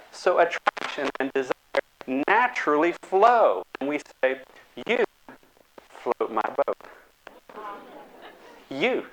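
A man giving a lecture, animated and acting out the voices of the people in his examples. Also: medium pitch, slight background noise. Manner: animated, acts out quoted voices.

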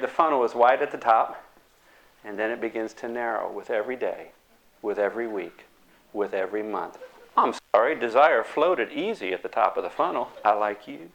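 A man giving a lecture, animated and acting out the voices of the people in his examples. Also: mid-range voice, normal speed. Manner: animated, acts out quoted voices.

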